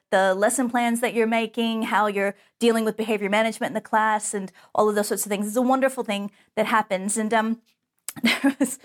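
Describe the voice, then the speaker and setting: A woman preaching a sermon, telling a personal story in an earnest, storytelling way. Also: on the high side.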